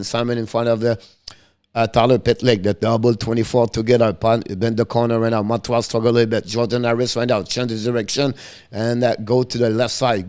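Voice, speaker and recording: Smooth-voiced hockey caller. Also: male voice, medium pitch, darkish tone. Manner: rapid clipped play calls in broken English, with frequent fillers and self-corrections. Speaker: play-by-play host. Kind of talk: live hockey play-by-play commentary.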